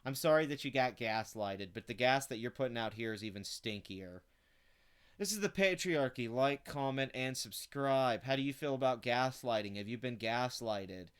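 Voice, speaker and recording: A man's voice: medium pitch, moderate pace, a bit bright, clean tone. A man hosting his own channel, ranting with contempt and heavy swearing as he reacts to an article he reads aloud. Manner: profane, contemptuous, sarcastic. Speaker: channel host. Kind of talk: angry commentary rant.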